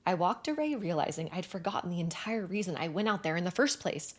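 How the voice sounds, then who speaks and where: A woman narrating a first-person romance novel in an expressive, animated way with breathy asides. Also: on the low side, fast, hardly any pauses. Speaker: audiobook narrator.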